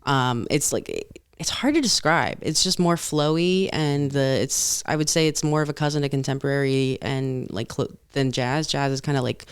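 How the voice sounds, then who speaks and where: A woman's voice: very deep voice, moderate pace, clean tone, no echo, studio quality. A young woman, a stand-up comedian, chatting casually as a podcast guest, rambling with lots of "like" and restarts. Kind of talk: casual chat.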